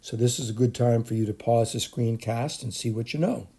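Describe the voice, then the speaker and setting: This middle-aged chemistry teacher records a screencast lecture off the cuff, full of fillers and restarts. His medium-pitched voice is brisk, mellow and husky.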